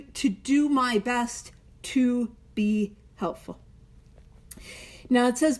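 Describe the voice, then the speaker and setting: A woman's voice: high voice, unhurried. A woman hosting a study group, leading a book study in a casual, self-deprecating way with joking asides.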